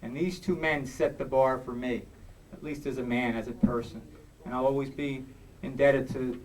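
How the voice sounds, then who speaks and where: A man giving an earnest, halting acceptance speech full of thanks at an awards banquet. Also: medium pitch, steady tone, darkish tone. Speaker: award recipient. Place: banquet hall. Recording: distant mic in a noisy hall.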